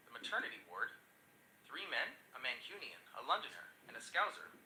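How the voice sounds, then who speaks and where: A male synthetic voice tells jokes in an upbeat, chatty way, with pitch that moves a lot. The tone is bright, and an echoey room can be heard around it. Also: a little hiss or hum. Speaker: AI joke teller. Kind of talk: scripted joke narration.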